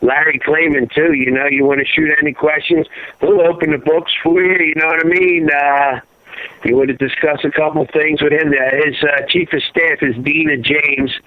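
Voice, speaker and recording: A man's voice: a little high, fairly even intonation, normal speed, no echo. A middle-aged man speaking over a narrow, phone-like line with no room sound at all. He rambles and circles back, leaning on "you know" and "uh" as he recounts events to the host. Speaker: guest, father of a fallen serviceman. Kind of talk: emotional phone interview. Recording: tinny phone line, dry.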